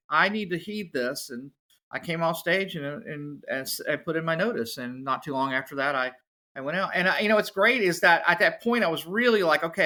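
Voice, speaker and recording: Rich: A man with a bright, clear tone and a fairly high speaking voice. He tells his story in a casual, animated way and lively acts out the voices of others. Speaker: podcast guest, musician.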